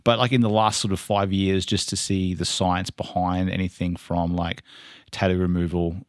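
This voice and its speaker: A male podcast co-host chats casually, rambling and using lots of fillers. His low voice is clean-toned and flat, at a moderate pace. The studio-quality recording has no room sound.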